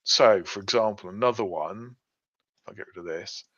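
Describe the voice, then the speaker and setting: A man's voice: fairly low pitch, moderate pace, a bit bright. A man co-hosting a podcast, explaining things step by step with plenty of fillers in a casual chat. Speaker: podcast co-host. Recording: dull lo-fi sound.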